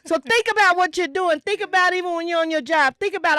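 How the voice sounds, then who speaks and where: A woman in her sixties hosting a talk show, telling stories in an animated, preachy way with lively vernacular asides. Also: very high-pitched, fast, dry recording, clean studio sound. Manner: animated, preachy storytelling with Southern Black vernacular. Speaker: podcast host. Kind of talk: casual talk show chat.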